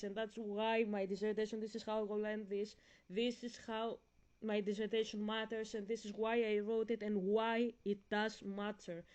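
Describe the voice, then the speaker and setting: A young woman vlogging an impassioned theology rant, emphatic and preachy, repeating and restarting phrases and slowing down on key words. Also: medium pitch, darkish tone.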